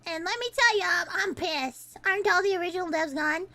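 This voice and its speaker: A young woman streamer chatting casually, excitable and swearing, ranting and laughing a lot. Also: very high-pitched, a little fast, dry recording.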